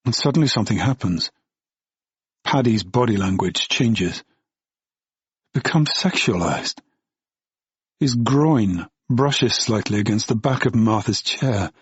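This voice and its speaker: A man's voice: lowish voice, husky, dry recording, dull audio. A man narrating an audiobook in the first person, in a brooding, bitter tone.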